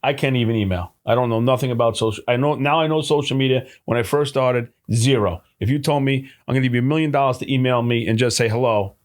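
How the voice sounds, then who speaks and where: Fast-talking middle-aged New man. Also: mid-range voice. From New Jersey. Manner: animated storyteller, acts out dialogue, swears casually. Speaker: deli owner, guest. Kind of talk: casual storytelling chat.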